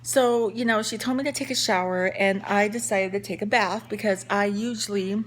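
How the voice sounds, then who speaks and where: A woman's voice: medium pitch, fairly even intonation, moderate pace. A young woman telling a casual story-time vlog, chatty with lots of fillers and restarts. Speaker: vlogger.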